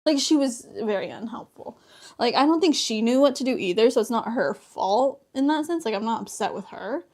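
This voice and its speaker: A young woman with a fairly high voice talks casually while she crafts on stream. She is chatty, laughs easily and acts out the lines of the people in her stories. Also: lively intonation, a little fast, darkish tone. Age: young adult. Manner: chatty, laughs often, acts out dialogue in storytelling.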